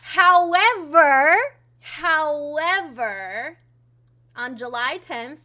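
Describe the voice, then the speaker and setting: This woman's voice sits on the high side, bright and forceful. Co-hosting a casual livestream, she talks offhandedly, swears often, and reads out viewer chat messages.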